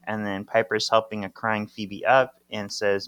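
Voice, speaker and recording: A man's voice: on the low side, level tone, normal speed, hardly any pauses, fairly bright tone, clean tone, no room sound. A man co-hosting a podcast, recapping a comic book panel by panel and briefly voicing the characters' lines. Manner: narrates panels and voices characters in brief quotes. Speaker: podcast co-host. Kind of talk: casual chat, reading a comic aloud.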